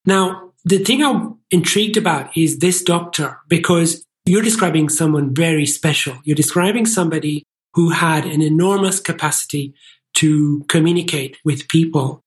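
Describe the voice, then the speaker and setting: An interview host asking measured, thoughtful questions and encouraging the guest. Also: medium pitch.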